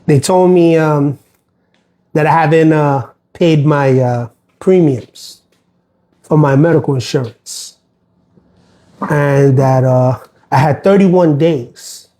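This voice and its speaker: A middle-aged postal worker rambles on a casual livestream, aggrieved and stumbling over fillers and restarts. His voice sits a little high for a man, with a mellow, dark tone.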